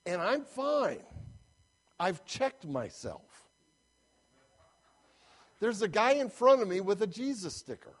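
A man's voice: high-pitched, sing-song, slow pace, pauses often. A man preaching a sermon as pastor, telling a story animatedly and acting out the voices of the people in it.

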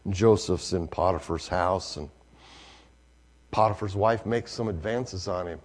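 A male preacher, telling a story in a sermon, swinging from hushed to loud. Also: low-pitched, measured pace.

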